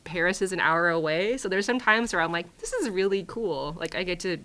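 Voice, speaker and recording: Chatty low-voiced woman from Hawaii. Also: quick pace, smooth. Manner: lively, chatty, lots of fillers and restarts. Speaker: guest playwright and screenwriter. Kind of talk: casual conversational master class talk.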